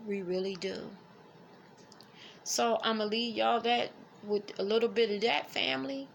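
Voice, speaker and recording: A middle-aged woman, speaking haltingly and emotionally as she reflects on family in a personal vlog. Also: on the high side, fairly even intonation, gravelly, slight background noise. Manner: emotional, halting, fighting back tears. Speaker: vlogger.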